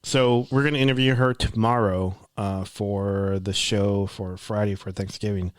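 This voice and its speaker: A man's voice: on the low side, fairly even intonation, moderate pace, clean tone, no room sound. Laid-back guy hosting a podcast, agreeable, dry close sound. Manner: easygoing, agreeable, lots of fillers. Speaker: podcast host. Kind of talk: casual chat.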